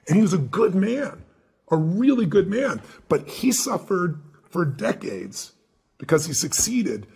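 A man's voice: sits high, vocal fry, slightly rough. A man being interviewed as a guest speaker and author, telling stories emphatically and acting out the dialogue he quotes. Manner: animated, emphatic storyteller who acts out quoted dialogue. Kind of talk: interview storytelling.

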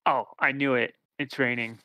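A man commentating on a game stream with friends, throwing in dry, deadpan jokes. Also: medium pitch, normal speed, slight background noise, poor audio. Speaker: panel commentator. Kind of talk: casual group commentary.

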